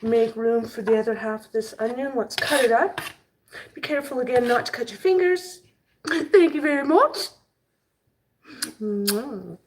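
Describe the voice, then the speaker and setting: In a chatty cooking vlog, a woman jokes around with her viewers as she cooks on camera in her kitchen. Her voice is fairly high, her pace normal, and there's a little hiss or hum on the recording.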